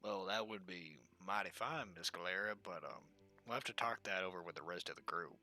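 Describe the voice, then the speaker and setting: A man voicing a polite, folksy adventurer with a low, bright-edged voice, speaking gently and protectively to his host. His delivery is soft and measured, the player's everyday voice lightly put into character. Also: soft background music, full character voice.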